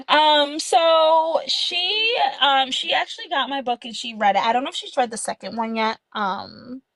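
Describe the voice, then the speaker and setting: A woman in her thirties, an author chatting in a podcast interview, who tells lively stories, laughs often and acts out quotes. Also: high-pitched, unhurried, no echo, low-quality recording. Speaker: author guest.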